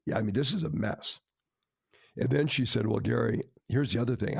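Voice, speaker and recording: A man's voice: lowish voice, quick pace, gravelly, breathy edge, no echo, clean studio sound. A man, a marriage counselor and podcast host, earnestly retelling a counseling session with dramatic quoted dialogue. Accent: American. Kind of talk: storytelling to co-host.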